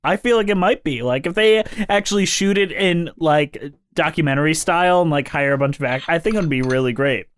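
A man co-hosts a laid-back musical theater podcast, his voice sitting a little high. He talks loosely and jokingly, swearing in passing and leaning on "like" and "um" as he riffs. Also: a little fast, few pauses, slight background noise. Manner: chatty, swears, jokey, filler-heavy. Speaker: podcast co-host. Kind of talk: casual chat.

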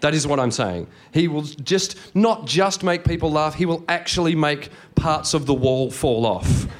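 A man's voice: fairly high pitch, expressive, a little slow. A man working as compère at a comedy show, building up the next act with hype. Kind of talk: introducing acts at a comedy show. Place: comedy venue stage.

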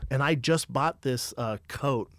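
In a casual chat, a young man from Colorado tells an animated, profane story and acts out other people's lines. His mid-range voice is unhurried, recorded with studio quality and no echo.

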